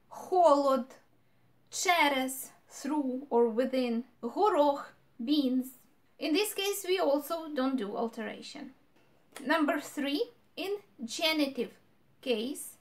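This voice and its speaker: A woman leads a grammar lesson in a high, light voice. She explains step by step at an unhurried pace and repeats each example word for clarity. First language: Ukrainian. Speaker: language teacher.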